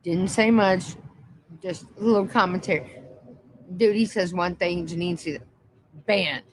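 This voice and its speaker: A woman's voice: fairly low pitch, a little slow, rough recording. A woman hosting a casual livestream, laughing constantly between phrases and swearing casually. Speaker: livestream host.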